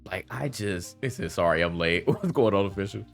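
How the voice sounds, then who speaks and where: A man's voice: low-pitched, a little fast, soft background music. Laughing slangy man ranting casually. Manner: animated, laughing, loose slangy rant. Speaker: commentary vlogger. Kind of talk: casual reaction commentary.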